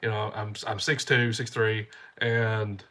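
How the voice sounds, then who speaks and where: Rambling folksy man, stuffy nose, bright voice, casual vlog storytelling. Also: lowish voice, flat delivery, slow. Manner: rambling, repeats himself, folksy. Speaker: channel host.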